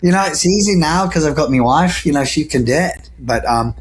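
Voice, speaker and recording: A man's voice: on the high side, lively intonation, a little fast, a crowd in the background. A man being interviewed as a guest actor, talking earnestly in casual chat with lots of fillers and restarts over a video call from home. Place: home, sitting near a camera.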